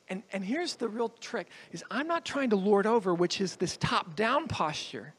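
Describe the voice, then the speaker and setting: A man's voice: sits high, animated, unhurried, fairly bright tone, breathy edge. A man preaching a sermon as a guest speaker in a church, earnest and emphatic, repeating his phrases for weight. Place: church hall with a congregation.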